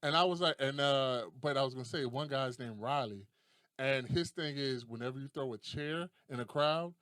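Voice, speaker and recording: A young adult man hosting a casual podcast, telling stories in a profane, animated way and laughing often. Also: mid-range voice, normal speed, dry recording, clean studio sound. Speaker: podcast host.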